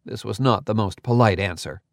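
A man's voice: fairly low pitch, brisk, gravelly, no echo. Dry, close male audiobook narrator. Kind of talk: first-person audiobook narration.

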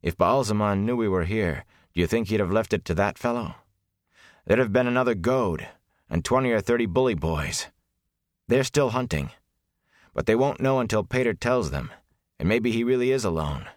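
A man's voice: on the low side, animated, normal speed, no room sound, studio quality, pitched above the performer's own voice, close to an everyday voice. A man voicing a determined, protective young man in an audiobook reading, firm and reasoning.

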